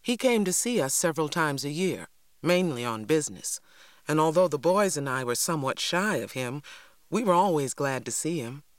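A woman's voice: deep voice, sing-song, normal speed, no echo. Woman narrating an audiobook, dry close sound. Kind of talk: scripted first-person narration.

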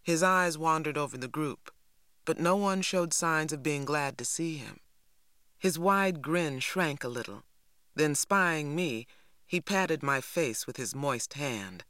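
A narrator reading a novel aloud in a measured, steady storytelling manner. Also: medium pitch, dry recording, clean studio sound. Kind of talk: audiobook narration.

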